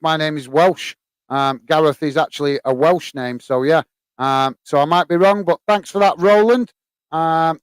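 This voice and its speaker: A man hosts a live football stream, reading viewer comments aloud and chatting back in a loose, friendly way, peppered with fillers. His voice sits a touch high, with a smooth, clear tone. The sound is close and dry. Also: no room sound. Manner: relaxed, chatty, many fillers, calls listeners mate. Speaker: host of a football fan channel.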